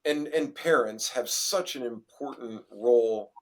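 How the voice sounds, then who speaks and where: A man hosting a podcast who is also a coach, talking thoughtfully in a casual interview with many halting restarts. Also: medium pitch.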